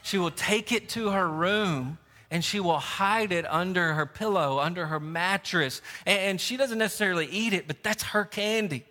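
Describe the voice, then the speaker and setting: A middle-aged man preaching a sermon as a pastor, in an animated, conversational way, often repeating words as he goes. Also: sits high, moderate pace, big-room sound.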